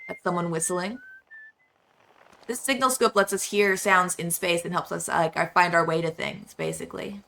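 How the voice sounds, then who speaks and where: A woman's voice: on the low side, fairly even intonation, moderate pace, creaky, pushed and bright, a little hiss or hum. A young adult woman streaming a game, chatting casually and rambling with lots of fillers. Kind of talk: casual live-stream chat.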